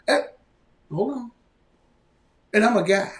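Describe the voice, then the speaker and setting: A man hosting a live podcast, ranting loudly and mockingly. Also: on the high side, unhurried. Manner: loud, animated ranting with mocking quoted voices. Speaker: podcast host.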